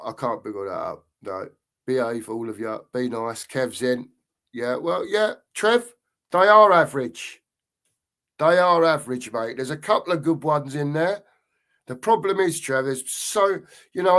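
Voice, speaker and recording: A man's voice: medium pitch, expressive, normal speed, fairly bright tone. A man hosting a casual livestream, reading out viewer comments and bantering with them by name. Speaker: host.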